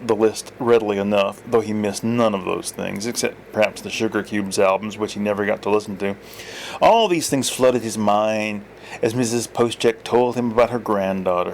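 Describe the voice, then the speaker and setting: A man's voice: normal speed, a little hiss or hum. A man reading his own story aloud in first-person narration, giving each character a voice. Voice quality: lively, voices many characters in raised pitch.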